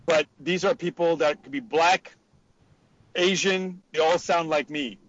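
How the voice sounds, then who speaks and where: Texan guy, kinda high voice, rambling sports chat, dry dull lo-fi sound. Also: fairly even intonation, a little slow, a bit bright, no room sound. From Texas. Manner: loose, rambling, opinionated with many fillers. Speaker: podcast co-host.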